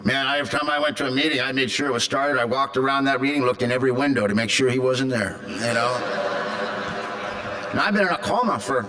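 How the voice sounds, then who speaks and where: A man's voice: medium pitch, fast, sharp tone. A man in his fifties from California, speaking to a convention crowd and telling a raw, darkly funny personal story. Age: 50s. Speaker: recovery meeting speaker.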